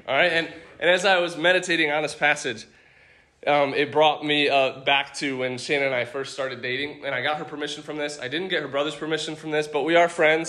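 A young adult male pastor preaching a sermon, animated and laughing often as he acts out scripture scenes. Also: fairly high pitch.

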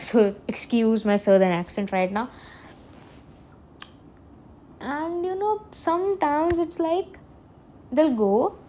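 A woman's voice: high-pitched, darkish tone, slight background noise. Chatty woman hosting a podcast. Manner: rambling and earnest, self-correcting, laughs often. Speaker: podcast host. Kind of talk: casual solo podcast monologue.

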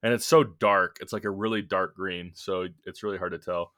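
A man's voice: sits low, fairly even intonation, moderate pace, a bit bright. A young man co-hosting a podcast, casually telling a work story in a rambling way with lots of fillers and restarts. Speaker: podcast co-host.

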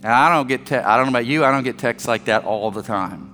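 A man's voice: medium pitch, fast, bright, forceful tone, big-room sound, faint music behind. A man preaching a sermon as pastor, telling a family story with joking asides and acting out the dialogue.

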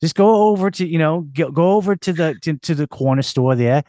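A man's voice: a little high, fairly quick, mellow, dry recording, studio quality, voice pushed up, lightly acted. A man putting on a crude, bossy Boston guy with a Boston accent, rambling brashly. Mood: rowdy.

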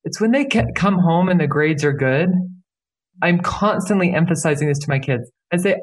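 A woman's voice: on the low side, lively intonation, moderate pace. Earnest woman, podcast guest. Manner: earnest, emphatic, repeats key phrases. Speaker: guest, certified life coach. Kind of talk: podcast interview.

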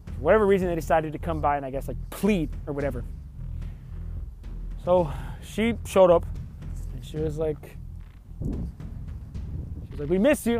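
A young man with a notably high voice rants through a casual storytime, exasperated and rambling, with swearing and plenty of "like." Faint music plays softly behind him. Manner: rambling, frustrated, swears often, heavy use of "like".

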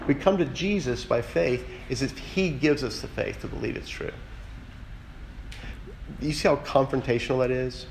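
Male pastor with a mid-pitched voice, casual sermon delivery, earnest and direct. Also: moderate pace, vocal fry, a little hiss or hum, low-quality recording. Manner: earnest, direct, asks the listeners questions. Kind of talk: conversational sermon.

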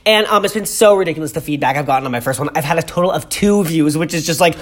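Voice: mid-range voice, rapid-fire, hardly any pauses. A congested podcast host rambling through pop-culture gossip at home, chatty and full of tangents, gushing with ironic exaggeration. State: congested, clogged throat.

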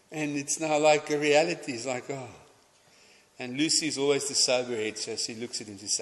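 With a medium pitch, fairly even intonation and a fairly quick pace, this preacher delivers a conversational, anecdotal sermon. He often stumbles and restarts his sentences, slips in Afrikaans phrases, and the recording carries long hall reverb.

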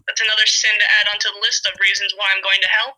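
Bright-voiced girl on a call, dry humor, kinda offhand answers. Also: mid-range voice, flat delivery, rapid-fire, low-quality recording. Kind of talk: casual chat on a call.

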